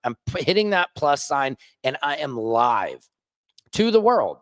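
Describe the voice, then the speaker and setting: A man vlogging as an independent journalist, ranting casually and joking, swinging between high excited bursts and low mutters. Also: unhurried, dry recording. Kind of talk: casual vlog rant. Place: rooftop.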